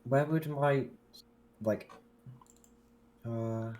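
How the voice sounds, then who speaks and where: A male tabletop player with a mid-range voice. He speaks haltingly and thinks out loud, breaking off and restarting his questions. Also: medium pitch. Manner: hesitant, searching aloud for words. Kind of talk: casual tabletop play.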